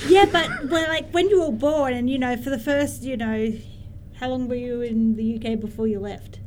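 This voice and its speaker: A woman chatting casually on a podcast, quick and talkative. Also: on the high side, a little mellow, a little hiss or hum. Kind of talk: casual chat.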